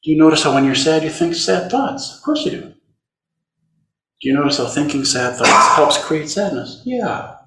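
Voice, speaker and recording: A man teaching a dharma talk in a conversational, gentle way, turning tender as he speaks to inner suffering. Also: on the high side, sing-song, a little slow, background noise. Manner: gentle, conversational, tender when voicing compassion. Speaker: Zen teacher. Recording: roomy hall recording.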